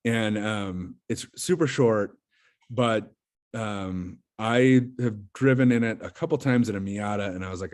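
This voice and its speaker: A man's voice: lowish voice, a little slow, a little mellow. A man as a podcast guest, telling a story in casual chat, rambling with lots of fillers and restarts.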